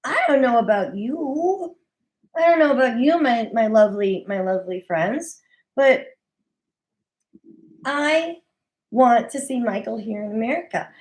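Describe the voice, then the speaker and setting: A woman's voice: medium pitch, low-quality recording. A woman hosting a casual recap show from her desk at home, chatty and opinionated. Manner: chatty, opinionated, animated with mock quoted voices. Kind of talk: casual solo recap commentary.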